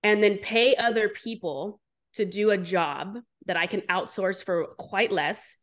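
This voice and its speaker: Blunt, animated woman telling her story. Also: mid-range voice, a little slow. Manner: blunt, animated, swears freely. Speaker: entrepreneur guest. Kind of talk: candid interview storytelling.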